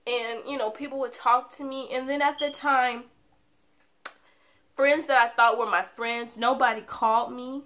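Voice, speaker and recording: A woman's voice: a little high, steady tone, normal speed, a bit bright. A young woman vlogger telling a painful personal story to camera in a candid, confiding way, with laughs breaking in between the sad parts.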